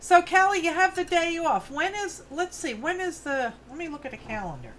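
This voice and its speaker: This woman in her fifties, with a New York accent, has an extremely high, fairly bright voice and is very animated, talking at a moderate pace. She hosts a craft livestream from her farm home studio, rambling and chatting with viewers in friendly asides as she works, with slight background noise.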